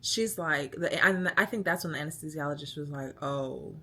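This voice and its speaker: A woman's voice: sits low, moderate pace, pushed and bright. A young woman vlogging her birth story, retelling it emotionally with lots of quoted speech. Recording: light background noise.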